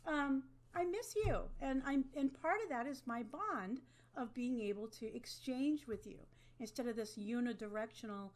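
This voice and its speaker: Lecturing online at a moderate pace, a woman with a slightly high voice talks to her webcam in a conversational style. She regularly pauses to ask "okay?"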